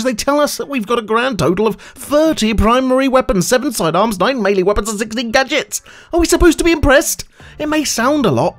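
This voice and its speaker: A man delivering a sarcastic, exasperated rant as a gaming channel host, swearing freely. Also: high-pitched. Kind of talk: ranting video commentary.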